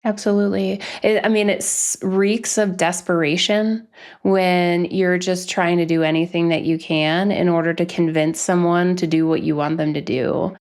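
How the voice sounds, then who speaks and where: A woman hosting a podcast, talking in a measured, emphatic way and agreeing often with her guests. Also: fairly low pitch, level tone, darkish tone. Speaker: podcast host. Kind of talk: conversational podcast talk.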